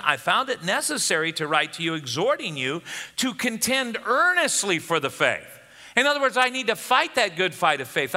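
Pastor, male, high and very bright, emphatic sermon delivery, long church reverb. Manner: emphatic preaching, rising for questions.

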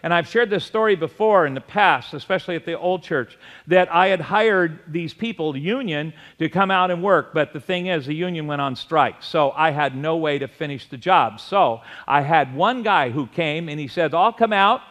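A middle-aged man preaching a sermon as pastor, telling stories in an animated way with shouted asides. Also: fairly high pitch, normal speed, hardly any pauses.

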